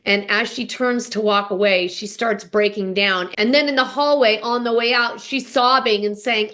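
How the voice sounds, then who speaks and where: A woman's voice: mid-range voice, animated, normal speed, hardly any pauses, a bit bright. A young woman hosting a podcast, recapping reality TV in a casual monologue and acting out quotes with dramatic emphasis. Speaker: podcast host.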